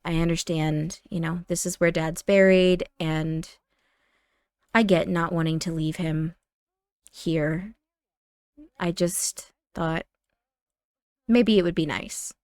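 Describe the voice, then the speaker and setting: Woman doing a grown daughter, gentle, coaxing, lowish voice, dry close sound. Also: fairly even intonation, slow pace, pauses often, clear, resonant tone, no echo. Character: gentle adult daughter, persuasive.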